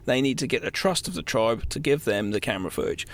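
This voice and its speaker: Animated man hosting a film podcast. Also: quick pace. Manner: excitable, animated storytelling with sudden jumps in pitch. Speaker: podcast co-host. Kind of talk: casual film discussion.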